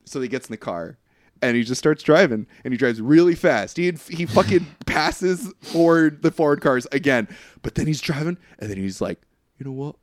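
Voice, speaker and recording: A man's voice: on the high side, expressive, normal speed, no echo, clean studio sound. A man co-hosting a podcast, ranting sarcastically in a casual movie review chat and acting out scenes. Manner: ranting, sarcastic, acts out scenes in quoted voices. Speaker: podcast co-host.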